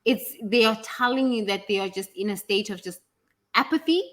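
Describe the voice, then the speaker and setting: A woman's voice: mid-range voice, animated, moderate pace, a bit bright. A woman teaching in a casual, motivational way, talking bluntly and animatedly, swearing freely and acting out what other people say.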